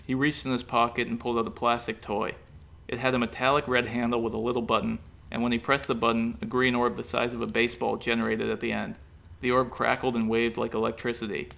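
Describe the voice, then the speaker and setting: Gravelly man reading a story, deadpan. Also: medium pitch, fast talker. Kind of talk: reading a comic horror story.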